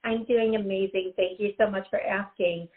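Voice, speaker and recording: A woman with a medium-pitched voice, fairly even intonation and normal speed hosts a call-in radio show as a psychic, heard through tinny, phone-like audio. Chatty and giggly, she gives advice by repeating her warnings to the caller.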